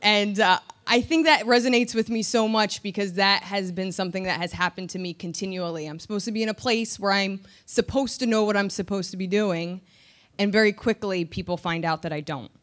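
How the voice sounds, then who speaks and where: A woman's voice: medium pitch, a little fast. A woman comedian in her thirties from New Jersey, telling a personal story candidly and with self-deprecating humor. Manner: candid, self-deprecating, animated when recounting.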